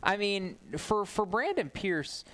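A man co-hosting a motorsport radio show, chiming in with quick banter and dry, wry remarks, recorded in a radio studio. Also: high-pitched, sing-song, a bit bright. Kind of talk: casual motorsport radio talk.

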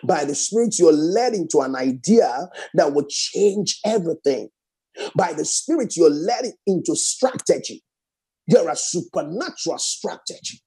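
A man preaching a sermon fervently, repeating phrases and swinging from raised exclamations to hushed prayer. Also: a little high, animated, measured pace, husky.

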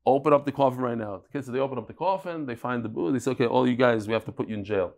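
Animated man teaching a Talmud class. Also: medium pitch, very fast, gravelly. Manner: animated storytelling, mixing Yiddish and Hebrew terms into English.

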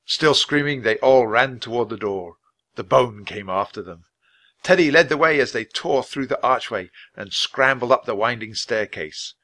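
A man reading a children's chapter book aloud at a natural, clear pace. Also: mid-range voice, normal speed, pushed and bright. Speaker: storybook reader.

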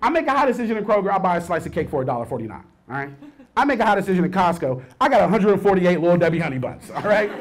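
Animated high-voiced man doing stand-up. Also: very fast. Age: 30s. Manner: animated, swings between mumbled asides and loud outbursts. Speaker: stand-up comedian. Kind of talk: stand-up comedy set.

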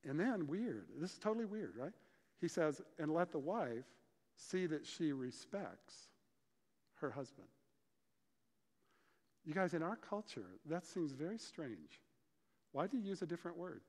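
A man preaching a sermon, explaining scripture and telling stories with lively, acted-out dialogue. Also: fairly high pitch, measured pace, long pauses. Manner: animated storytelling, acts out dialogue. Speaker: pastor. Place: church sanctuary. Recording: church hall reverb.

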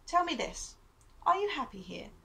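A woman's voice: sits high, very animated, gravelly, fairly bright tone, voice pushed up, exaggerated voice, poor audio. A grave, weary father, read by a woman. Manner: measured, grave, hesitant. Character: stern, weary father, a commanding officer.

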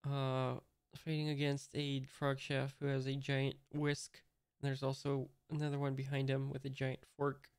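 A man's voice: medium pitch, completely flat delivery, measured pace, clean tone, dry recording, clean studio sound. A man casually reading a comic aloud, hesitantly describing each panel as he figures it out. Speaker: host reading a manga aloud. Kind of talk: casual read-along commentary.

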